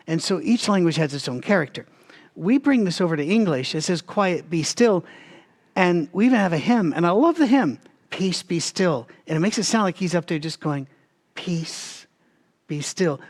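Man with a slightly high voice for a relaxed, lively Bible-study teaching read, addressing the audience directly. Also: a little fast. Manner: animated, talks to listeners directly, frequent restarts.

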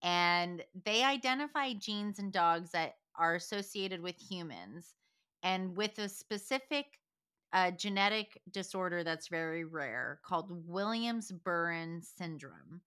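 A woman's voice: fairly low pitch, measured pace, pushed and bright, clear, resonant tone. A woman co-hosting a podcast in casual chat, talking loosely and laughing often as she wanders between thoughts. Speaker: podcast co-host.

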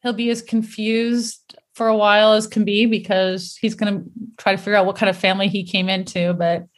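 Animated middle-aged woman telling stories. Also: medium pitch, brisk. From United States. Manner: animated storyteller, laughs often. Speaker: guest. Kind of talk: casual interview chat.

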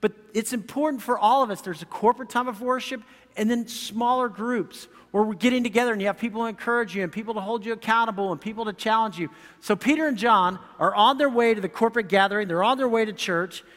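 A man's voice: sits high, fast talker, fairly bright tone, in a large hall. A man preaching a sermon as pastor, conversational, with frequent asides to the congregation. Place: church sanctuary.

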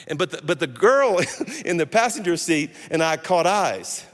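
Sermon casting: man, 60s, fairly high voice, funny animated preacher, long church reverb. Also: moderate pace. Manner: animated storytelling with humor. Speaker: guest pastor. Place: church sanctuary.

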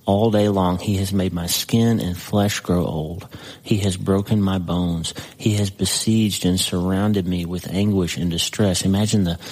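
A man preaching a sermon, reading scripture aloud slowly with dramatic pauses and breaking into conversational asides to the listener. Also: sits low, fairly even intonation, a little mellow, rough recording.

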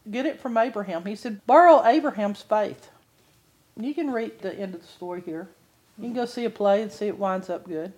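Animated, higher-voiced woman teaching scripture. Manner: animated storytelling with frequent laughs. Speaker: Bible teacher. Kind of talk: sermon-style testimony and Bible teaching.

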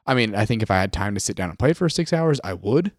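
A man chatting on a podcast with a lively, bouncing voice, rambling along with many "like" fillers. His pitch leaps around as he drifts into playful impressions. The sound is dry and close. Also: quick pace, no room sound. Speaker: podcast co-host. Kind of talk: casual chat.

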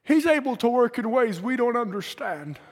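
A male preacher delivering a sermon, building from quiet reasoning to impassioned shouts. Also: very high voice, lively intonation, moderate pace. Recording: long hall reverb.

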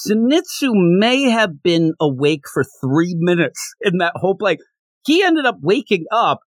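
A man with a fairly high, very lively voice recaps a manga chapter on a podcast, swinging up and down as he tells the story. He slips into quick character voices along the way. The sound is close and dry, with hardly any room around it. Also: no echo. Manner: animated, jumps into character voices while retelling. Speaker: podcast co-host.

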